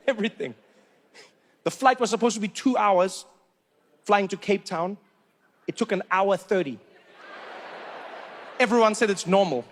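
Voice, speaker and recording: A man from Africa, telling stand-up stories with animated disbelief. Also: high voice, moderate pace, long pauses, slight background noise. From South Africa. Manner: animated, incredulous storytelling. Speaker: stand-up comedian. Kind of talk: stand-up comedy.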